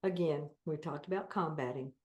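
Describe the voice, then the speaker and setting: A woman's voice: sits low, moderate pace, darkish tone, reverberant. A woman with a Southern accent, a guest in an interview, talking in an upbeat, encouraging way with frequent laughs. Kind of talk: casual interview chat.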